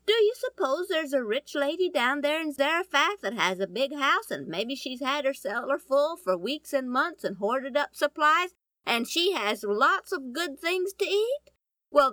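A woman telling a Bible story in a folksy, animated way, often asking her listeners questions. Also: high-pitched, a little slow, no echo. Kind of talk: storytelling to an audience.

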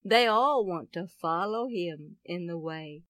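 A woman telling a Bible story expressively, with dramatic swings of pitch and loudness. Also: expressive, takes it slowly, dry recording, clean studio sound.

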